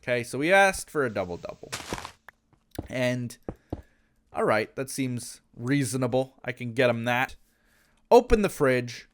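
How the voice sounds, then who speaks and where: A man's voice: mid-range voice, big pitch swings, unhurried, long pauses. A man from Canada, telling a casual anecdote in a rambling way, with many restarts and asides. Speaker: gaming channel host.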